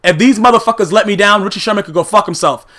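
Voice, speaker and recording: A man's voice: high-pitched, fast, pushed and bright. A man giving a heated, profane recap of football games, blunt and full of filler phrases. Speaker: YouTube sports commentator.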